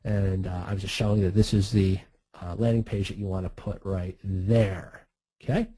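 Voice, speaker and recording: A man's voice: deep voice, flat delivery, moderate pace, dark tone, no room sound, rough recording. A man walking through a screen-share marketing tutorial in a chatty, breezy way, with frequent laughs and asides. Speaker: online marketing instructor.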